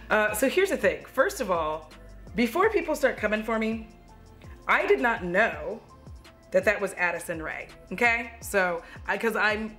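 Woman, 30s, vlogger, casual movie review, animated, swears a lot, laughs often, faint background music. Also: medium pitch. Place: home.

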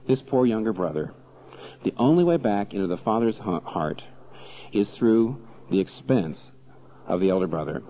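A man preaching a sermon as pastor, animated and full of rhetorical questions. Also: on the low side, dull audio, a little hiss or hum.

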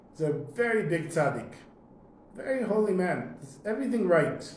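Male teacher, storytelling, conversational, slightly high voice, echoey room, faint hiss. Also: a little mellow. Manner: conversational, clears throat often. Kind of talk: storytelling in a lesson.

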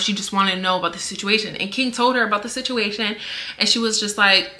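A woman's voice: medium pitch, steady tone, fast, bright, forceful tone. A young woman, a vlogger, talks to camera in an earnest and defensive way, with many fillers. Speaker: vlogger answering rumors. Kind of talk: casual personal statement to camera.

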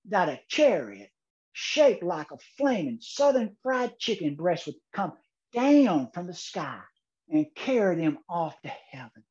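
A man delivers a comic speech, letting the pauses do the work. His voice is unhurried and mellow. It comes through muffled online conference audio. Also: high-pitched. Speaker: keynote speaker. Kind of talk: humorous contest speech.

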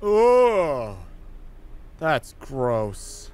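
Excitable male gaming streamer, animated voice. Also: drawn-out words, clean tone. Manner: thinks aloud, breaks into high yelling at scares. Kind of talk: live gameplay commentary.

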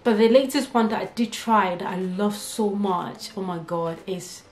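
A woman's voice: mid-range voice, normal speed, a little mellow, slight background noise. A young woman vlogger answering viewer questions in a casual, candid chat, a little nervous about talking about herself. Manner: chatty and candid, laughs often, many fillers. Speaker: beauty vlogger. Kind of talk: casual get-to-know-me Q&A. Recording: echoey room with faint music.

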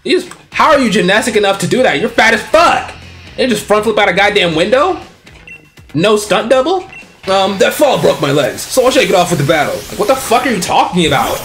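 Male streamer, high-ish voice that swings wildly, cusses a lot and roasts the game. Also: a little fast, faint music behind. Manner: excitable, profane, mocking the game. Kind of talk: let's play commentary.

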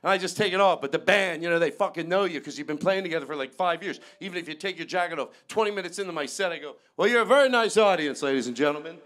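A man performing a live stand-up comedy set, loud and animated, chatting with the audience and the band. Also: on the high side, very fast, hardly any pauses. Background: band music and audience laughter.

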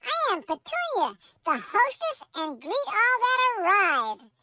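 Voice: extremely high pitch, sing-song, slow, noisy background, heavily acted. Petunia, a prim poodle. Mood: inquisitive. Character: graceful, well-groomed poodle hostess.

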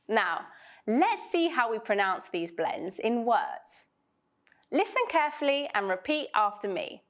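A woman teaching English pronunciation in a slow, scripted lesson, drilling sounds clearly and deliberately. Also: fairly high pitch, very animated.

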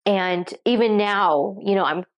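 Tearful woman talking to camera. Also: mid-range voice. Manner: reflective, halting with restarts. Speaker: fitness coach. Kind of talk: emotional talk to camera. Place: seated at home.

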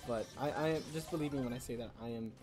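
Playful young woman with a low voice. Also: quick pace, over music. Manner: playful, jokey and self-mocking. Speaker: gaming channel host. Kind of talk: casual gameplay commentary.

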